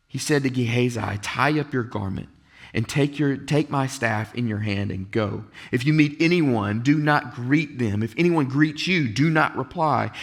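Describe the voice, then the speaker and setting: A man's voice: fairly high pitch, fairly bright tone. Man preaching an earnest sermon. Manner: earnest preaching, reads scripture aloud, acts out quoted lines. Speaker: pastor. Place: church sanctuary.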